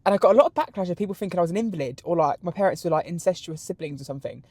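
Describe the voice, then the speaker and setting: A young British man in his twenties hosting a solo podcast, telling crude, camp stories in an animated way. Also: high voice, rapid-fire, no echo. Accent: British English. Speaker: podcast host. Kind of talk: solo podcast answering questions.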